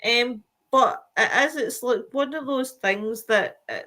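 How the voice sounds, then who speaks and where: A woman's voice: fairly high pitch, unhurried. Chatty, tired woman hosting a live stream. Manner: chatty and animated, with many fillers. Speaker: show host reading viewer comments. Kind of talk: casual live-stream chat.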